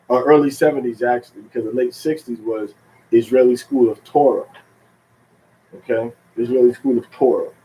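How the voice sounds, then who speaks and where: A man teaching a religious lesson in an unhurried, halting way, with many fillers and restarts, drawing out the words he stresses. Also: mid-range voice, dark tone, poor audio. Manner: drawn-out stress on key words. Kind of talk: teaching talk.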